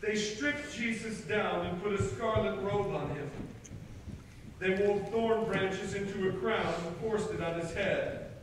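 A high-pitched American preacher delivers an Easter sermon in a church, swelling dramatically whenever he voices the quoted lines. The voice reaches the mic from a distance and rings through a long, booming hall reverb, with faint room ambience behind it. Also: unhurried, a little hiss or hum. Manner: dramatic, rising to loud quoted outbursts. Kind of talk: Easter sermon retelling scripture. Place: church sanctuary. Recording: echoey hall, far from the mic.

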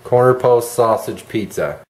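A man's voice: medium pitch, animated, a little slow, a little mellow. A man hosting a casual cooking video, joking and poking fun at himself. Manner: joking, self-deprecating. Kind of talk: casual cooking demo banter. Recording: echoey room with light noise.

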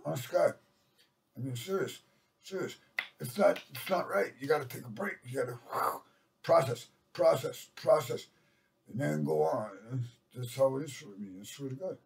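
A man's voice: medium pitch, moderate pace, vocal fry, low-quality recording. An older man rambling to a webcam, swearing and mocking himself. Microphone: webcam mic.

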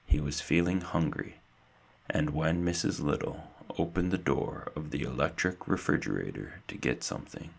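A narrator reads a children's chapter book aloud with a steady storytelling delivery. His voice is extremely deep and gravelly, and he lingers over every sentence.

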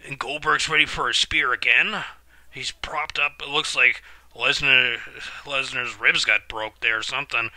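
Bright-voiced man reacting live to wrestling. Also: medium pitch, a little slow, dry recording. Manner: excitable, swears when outraged. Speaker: wrestling reaction channel host.

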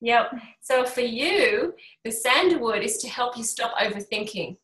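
Speaking at a measured pace in a slightly high voice, this middle-aged energy healer chats informally with a small group at a workshop. Her storytelling is lively, and she performs the quoted voices as she goes, all captured with a roomy echo.

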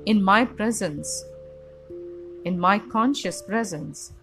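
Calm woman teaching Vedanta over music. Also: medium pitch. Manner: calm, deliberate, list-like phrasing. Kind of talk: measured spiritual teaching talk. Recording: music playing behind the voice.

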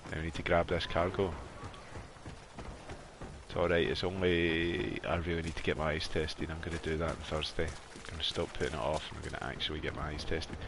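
A Scottish man chatting casually with viewers while streaming a game from his warm bedroom, laughing often. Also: a bass voice, little pitch movement, brisk, background noise. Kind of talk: casual live gameplay chat.

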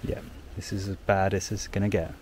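A man's voice: low voice, monotone, fairly quick, darkish tone. A young man chatting casually while walking through the countryside for his vlog, amused and talkative, filming on a handheld camera. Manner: chatty, amused commentary with frequent "like". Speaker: walking vlogger. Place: outdoors, countryside fields and villages. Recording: outdoor noise, wind and passing traffic.

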